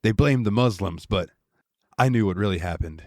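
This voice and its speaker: A man voicing a washed-up grown cartoon man, telling his story in a quiet, confessional way. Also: fairly low pitch, normal speed, dry recording, clean studio sound, lightly acted.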